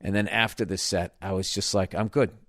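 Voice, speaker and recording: A man's voice: low voice, steady tone, brisk, fairly bright tone, no echo, studio quality. A man hosting a podcast, telling a story in a casual, profane, self-mocking rant. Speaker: podcast host.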